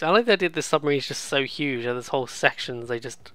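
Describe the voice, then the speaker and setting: A man's voice: medium pitch, a little slow, long pauses, fairly bright tone, smooth, no room sound. A man hosting a let's play, giving casual, sarcastic, rambling gameplay commentary. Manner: sarcastic, swears freely, rambling.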